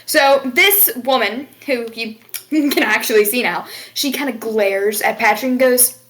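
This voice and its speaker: A woman's voice: fairly high pitch, measured pace, a bit bright. A woman narrating as game master of a tabletop game, laughing often and swearing casually.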